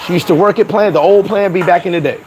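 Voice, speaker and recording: High-voiced man ranting outdoors. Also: fast, background noise. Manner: emphatic, animated storytelling. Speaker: vlogger. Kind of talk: casual commentary rant.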